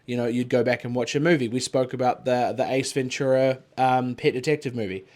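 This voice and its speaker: A man talking loosely on a podcast, mid-pitched and rambling. He swears freely and leans on "like" and "you know" while he chats. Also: fairly even intonation, fairly quick, a little mellow. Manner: rambling, swears freely, frequent filler words. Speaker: podcast co-host. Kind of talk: casual chat.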